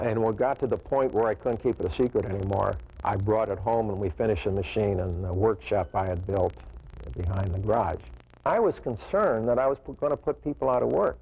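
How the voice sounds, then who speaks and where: Gravelly older man recalling his past. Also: lowish voice, darkish tone, poor audio. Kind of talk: interview recollection.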